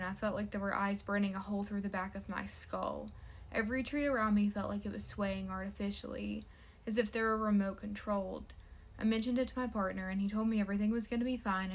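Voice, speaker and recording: A young woman from New Zealand, telling her own scary story in an even, measured way. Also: medium pitch. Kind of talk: reading a personal scary story.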